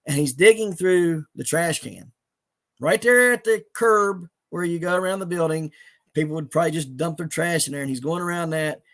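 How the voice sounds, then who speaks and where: A middle-aged man tells a moving personal story in an earnest, halting way, full of restarts. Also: on the high side, fairly bright tone. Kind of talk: emotional storytelling in conversation.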